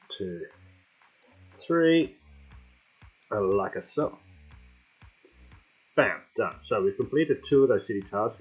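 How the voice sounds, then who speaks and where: A man's voice: fairly low pitch, husky. A man hosting a gaming channel, chatting casually as he plays, talking to himself and the game. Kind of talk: casual let's-play commentary. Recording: slightly dull lo-fi home mic with faint music.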